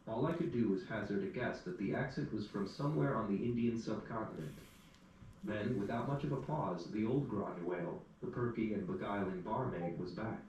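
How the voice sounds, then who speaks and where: Low-voiced man narrating in an echoey room. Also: normal speed, darkish tone, lo-fi sound. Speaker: audiobook narrator. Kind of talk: first-person story narration. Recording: echoey room, distant mic, faint hum.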